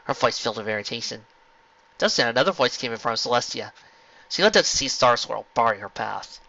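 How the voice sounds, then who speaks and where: A man reading a fan fiction story aloud with expressive narration. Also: medium pitch, fast talker, creaky. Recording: lo-fi home recording.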